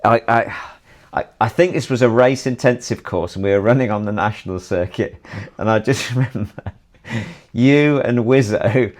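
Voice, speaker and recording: A man's voice: medium pitch, normal speed, a little mellow. Male podcast host, easygoing, reminiscing and laughing. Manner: laughs often, prompts with shared memories. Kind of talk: casual interview chat.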